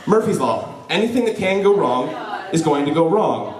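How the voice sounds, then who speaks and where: A young man telling a personal story live before an audience, lively and joking, with frequent "right?" asides to the crowd. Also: fairly high pitch, moderate pace, hardly any pauses. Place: event hall before an audience. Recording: roomy hall, voice from a distance.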